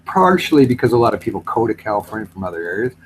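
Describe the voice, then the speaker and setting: A man's voice: on the low side, big pitch swings, slight background noise, low-quality recording. A man from Canada in a rambling, casual chat, swearing and teasing as he talks. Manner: rambling, swearing, quick to tease. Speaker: chat participant.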